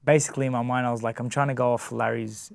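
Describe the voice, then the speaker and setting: Man, boxer, halting casual interview talk, smooth voice, dry close sound. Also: mid-range voice, flat delivery, dry recording. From Australia. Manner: halting, many restarts and fillers. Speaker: guest, boxer.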